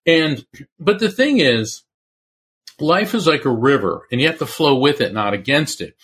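A man's voice: fairly high pitch, normal speed, breathy edge. A middle-aged man, a medium and former attorney, telling stories as an interview guest and acting out the voices of the people he quotes. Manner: animated storyteller who acts out quoted voices. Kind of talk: conversational interview storytelling.

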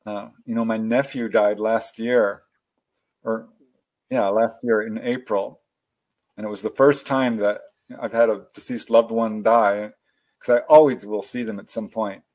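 A man telling personal stories as a guest in a casual interview, animated and laughing often. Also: lowish voice, unhurried.

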